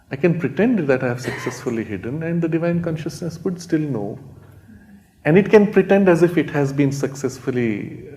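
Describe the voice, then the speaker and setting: Male spiritual teacher, gentle storyteller, mellow warm tone, rhetorical questions to the room. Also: a little high. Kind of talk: spiritual retreat talk. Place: retreat talk before a live audience.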